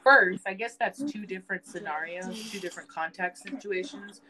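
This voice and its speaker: A woman's voice: medium pitch, moderate pace, crowd noise. A young woman co-hosting a casual podcast, telling stories with lots of swearing and acted-out quotes. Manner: animated storytelling, swears a lot, acts out quoted voices. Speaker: podcast co-host. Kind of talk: casual chat. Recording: noisy home podcast recording.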